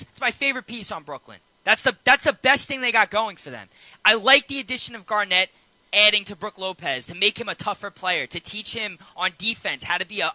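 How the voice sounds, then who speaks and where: Emphatic high-voiced man, dry and bright. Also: dry recording, poor audio. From New York. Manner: animated, emphatic, repeats himself. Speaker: co-host. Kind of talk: casual sports debate.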